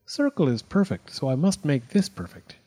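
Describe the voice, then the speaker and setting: A nervous little square from a picture book, raised a bit in pitch and fretting over every word, as a man reading aloud puts him on. The tone stays mellow and slightly husky. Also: sing-song, normal speed. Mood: fretful. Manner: hesitant, fretful. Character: anxious male square, timid and flustered.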